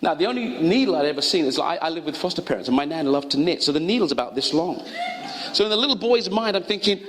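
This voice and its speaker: A male pastor preaching a sermon, telling stories and acting out the voices of the people in them with sudden high cries. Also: animated, fast talker, a little hiss or hum. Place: college chapel or hall. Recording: long hall reverb.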